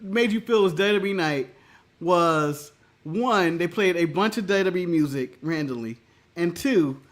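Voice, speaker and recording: A male podcast co-host telling a story in casual chat, animated, laughing often and swearing freely. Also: high voice, a little slow.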